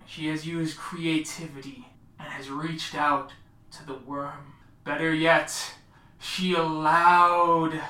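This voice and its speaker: Woman voicing a booming werewolf cult herald. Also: sharp tone, roomy sound, recorded from a distance, full character voice. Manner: proclaiming, chanting.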